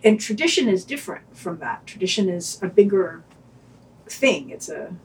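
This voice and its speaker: A woman's voice: medium pitch, very animated, moderate pace, far from the mic. Woman podcast co-host, wry and hesitant, speaking a little off-mic. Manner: wry, hesitant, restarts her thoughts. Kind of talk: podcast reviews and casual discussion.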